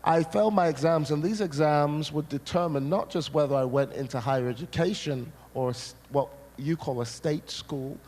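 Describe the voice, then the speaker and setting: A man from Scotland preaching a sermon, an animated storyteller who hammers points through repetition and tosses jokey asides to the crowd. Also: a little high, normal speed, hardly any pauses. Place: large hall at a church seminar. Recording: echoey hall, faint noise.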